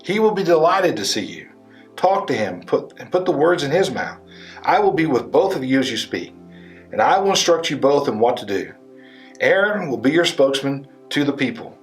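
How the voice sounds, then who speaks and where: A male pastor preaching a sermon and retelling a story with animated, acted-out quotes. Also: on the high side, moderate pace, faint music behind. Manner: animated storytelling, voicing biblical figures in quotes.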